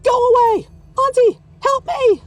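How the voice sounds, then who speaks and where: A man reading aloud voices a frightened little girl who whines and shrieks in a very high voice. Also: sing-song, measured pace, full character voice. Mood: shrieking. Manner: shrill, whining, shrieking. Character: little lost girl, whiny, easily frightened.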